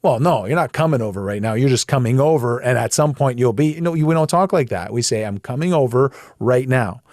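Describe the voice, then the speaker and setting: A man of middle pitch teaches scripture in a relaxed, conversational way, leaning hard on his key points. His voice sits close and dry, with no room around it. He talks plainly, like he's explaining things across a table. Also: fast, no echo. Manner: emphatic, plain-spoken, animated when making a point. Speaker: Bible teacher. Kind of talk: conversational Bible study teaching.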